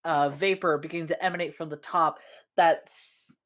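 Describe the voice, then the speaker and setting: A woman narrating as dungeon master of a tabletop game, slowly and haltingly, with many fillers. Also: deep voice, fairly even intonation, a bit bright.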